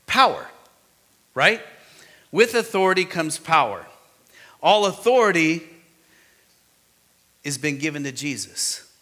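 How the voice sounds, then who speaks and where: Bright-voiced man preaching with emphasis. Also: mid-range voice, big-room sound. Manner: animated, emphatic preaching with sudden rises and drops. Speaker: pastor. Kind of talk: sermon.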